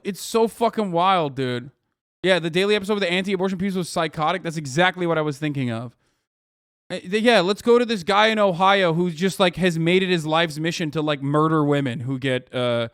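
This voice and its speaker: A man in his thirties rants on a live stream with a profane, sarcastic edge. His voice sits high for a man and comes through close and dry, with no room at all. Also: brisk, a bit bright, clear, resonant tone, no echo. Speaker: streamer reacting to news. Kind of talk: ranting casual commentary.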